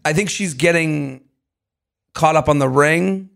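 Man, podcast co-host, slightly high and gravelly voice, rambling and jokey. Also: measured pace, fairly bright tone. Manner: rambling, restarts, joking asides, laughs easily. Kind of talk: casual chat.

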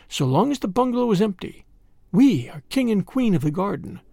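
A man's voice: high voice, mellow, no room sound, studio quality, heavily acted. A man doing a scheming queen cobra. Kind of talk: storybook reading.

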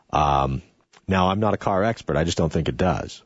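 A man's voice: sits low, moderate pace, no room sound. A man hosting a radio talk show, speaking sarcastically about local issues from a studio. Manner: sarcastic, animated.

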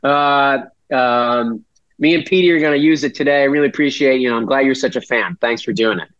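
A man's voice: mid-range voice, brisk, fairly bright tone, no room sound, lo-fi sound, close to an everyday voice. A man doing an impression of a friendly, easygoing male baseball manager. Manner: friendly and grateful.

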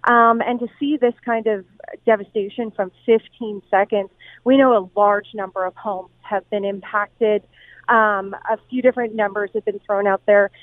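A woman news reporter on the scene, talking in a halting way, repeating words and restarting sentences over the phone. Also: medium pitch, steady tone, dry recording. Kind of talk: live phone interview. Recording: tinny dry phone line.

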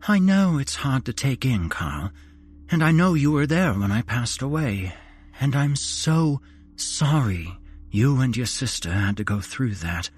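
A man's voice: mid-range voice, animated, unhurried, slightly rough, pitched above the performer's own voice. A man voicing a grieving dead mother who calls her son from beyond the grave, sad and urgent, in a horror story reading. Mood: sorrowful.

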